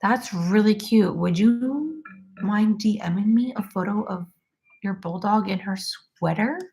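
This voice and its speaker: A woman in her twenties chats casually on a crochet livestream, reading out viewer comments with soft music playing behind her. Her mid-range voice is a little slow and darkish in tone. She talks loosely, says "like" a lot, and laughs easily.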